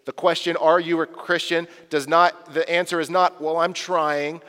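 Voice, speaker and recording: Earnest, animated male pastor preaching. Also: a little high, moderate pace, in a large hall. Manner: earnest, animated, acts out quoted voices. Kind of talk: sermon.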